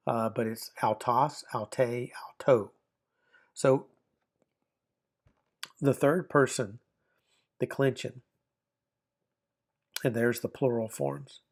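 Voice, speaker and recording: A man teaching a recorded online grammar lesson, explaining step by step and often repeating or rephrasing himself. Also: mid-range voice.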